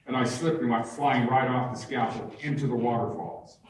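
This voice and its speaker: An older man giving a public talk, telling his stories in an unhurried, humorous way. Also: mid-range voice, fairly even intonation, a little hiss or hum. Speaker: guest speaker at a public talk. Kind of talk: storytelling talk. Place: large barn hall with an audience. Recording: echoey hall, far from the mic.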